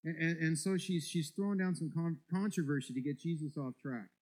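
A man's voice: on the high side, brisk, low-quality recording. A male pastor preaching a sermon, emphatic and repeating words as he builds each point.

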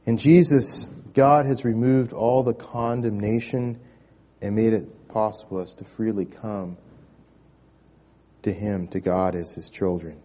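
Male pastor, warm mellow voice, emphatic sermon delivery with repeated words. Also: fairly low pitch, fairly even intonation, measured pace. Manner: emphatic preaching with swelling intensity and repeated words.

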